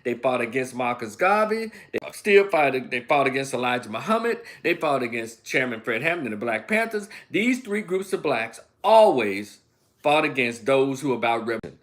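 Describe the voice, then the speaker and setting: A man's voice: medium pitch, sing-song, normal speed, fairly bright tone. A man hosting a livestream commentary monologue, preaching emphatically and firing off rhetorical questions. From Memphis, USA. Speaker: online political commentator.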